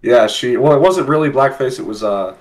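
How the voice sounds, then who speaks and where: A man's voice: medium pitch, brisk. A man from the United States chatting wryly in a casual online debate. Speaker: debate panelist.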